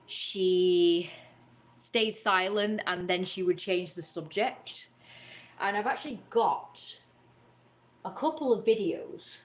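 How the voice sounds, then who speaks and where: A woman's voice: mid-range voice, roomy sound. A young woman hosting a livestream, retelling a family conflict in a rambling, upset way with many restarts. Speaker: livestream host. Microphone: webcam or phone on a livestream.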